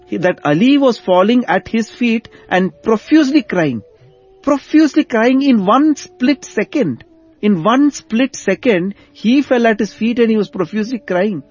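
A man with a notably high, husky voice tells a devotional story with animated delivery, circling back over key phrases. The recording sounds dull and lo-fi, with faint music beneath. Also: normal speed. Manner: animated, repeats phrases for emphasis. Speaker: guest storyteller.

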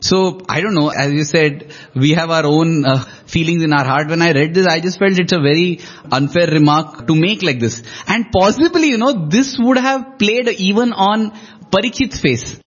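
A man's voice: on the high side, normal speed, husky. A man co-hosting a talk, reflectively retelling scripture stories and their dialogue with emphasis. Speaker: podcast co-host. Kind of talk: storytelling discussion of scripture. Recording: dull lo-fi audio.

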